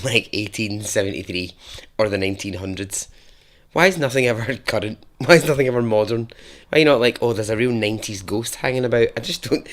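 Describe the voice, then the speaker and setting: A man telling a story on his podcast in a casual, chatty way. His voice sits fairly low, and he takes his time, drifting into laughing asides and little tangents before returning to the tale. He is relaxed and conversational throughout.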